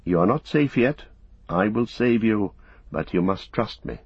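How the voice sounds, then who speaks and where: A man voicing an earnest young male hobbit who coaxes and pleads with quiet urgency, for an audiobook. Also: fairly low pitch, animated, unhurried, slightly rough, dry recording, heavily acted. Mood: coaxing. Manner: pleading, coaxing. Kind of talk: audiobook character voice. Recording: dull, muffled recording.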